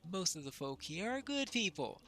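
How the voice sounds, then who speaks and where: Player reading a grave tavern man, unhurried, lively pitch. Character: solemn warning tavern patron man.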